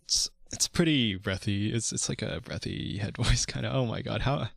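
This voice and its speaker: A man's voice: lowish voice, normal speed, vocal fry, no echo, studio quality. A man streaming as a vtuber, chatting casually and rambling through restarts and swearing about voice technique. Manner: rambling, frequent restarts, swears, laughs between words. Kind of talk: casual chat.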